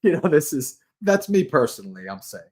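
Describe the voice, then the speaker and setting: A man with a somewhat high voice speaks as a Buddhist monk hosting a livestream. He talks casually and earnestly, often restarting his phrases, and his delivery sounds unscripted and conversational. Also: big pitch swings, a little fast, a little mellow. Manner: rambling and earnest, with frequent restarts and light laughs. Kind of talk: casual Dharma talk and Q&A.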